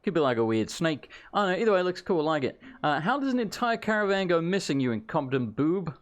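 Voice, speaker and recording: A man hosting a let's play, giving joking, chatty commentary and reacting loudly to the game. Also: high-pitched, expressive, fast talker. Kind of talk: gameplay commentary.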